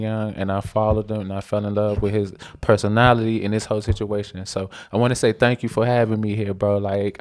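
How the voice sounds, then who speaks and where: A man speaking as a podcast guest in a low, smooth, resonant voice. He gushes with heartfelt praise, loose and full of slang. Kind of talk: casual podcast interview.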